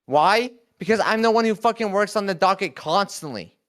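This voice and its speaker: A man's voice: high voice, moderate pace, a bit bright. A young man, a crew member of a talk show, confronting the hosts in an emotional, heated argument, full of swearing and outbursts.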